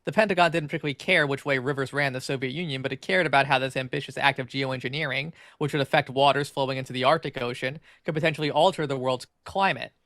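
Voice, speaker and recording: Fast, gravelly man stumbling through a reading. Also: medium pitch, fairly even intonation, fairly bright tone, dry recording, studio quality. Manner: fast, filler-heavy reading with frequent stumbles and restarts. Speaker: podcast co-host. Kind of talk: reading an article aloud on a podcast.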